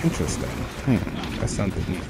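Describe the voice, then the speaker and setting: A man's voice: low-pitched, big pitch swings, fast, creaky. A man streaming a video game, taunting and trash-talking the other players as he plays. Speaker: gaming streamer. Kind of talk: live gaming commentary. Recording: game music and noise under the voice.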